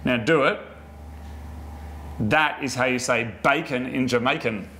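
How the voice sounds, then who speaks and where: Bright, joking man. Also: mid-range voice, a little slow, a little hiss or hum. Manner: playful, joking, laughs often. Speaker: co-host. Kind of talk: casual banter.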